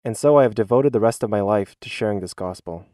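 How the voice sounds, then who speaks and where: Earnest male voice-over, low and mellow, dry close sound, reading a teacher's church testimony. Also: fast talker, dry recording. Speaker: schoolteacher giving a church testimony.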